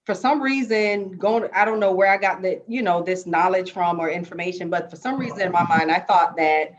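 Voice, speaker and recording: A woman from Jamaica on a dance panel, telling her story in a lively, casual way and often checking in with "right?". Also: on the low side, a little fast, lo-fi sound. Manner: lively, animated storytelling with many rhetorical "right?"s.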